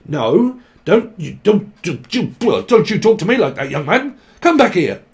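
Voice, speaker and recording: A British man putting on the voice of a nagging mother, shrill and scolding as she tells off her son. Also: sing-song, very slow, warm tone, heavily acted.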